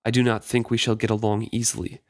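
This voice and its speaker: A man reading the lines of a jealous, sulky woman in a book discussion podcast, pitching up only a little. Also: level tone, fast talker, no echo, clean studio sound, natural voice.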